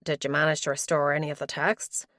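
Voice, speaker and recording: A man's voice: fairly high pitch, flat delivery, quick pace, sharp tone, no echo, studio quality, pitched below the performer's own voice. A woman voicing a direct, businesslike male detective in an audiobook. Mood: brisk. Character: plain-spoken male detective.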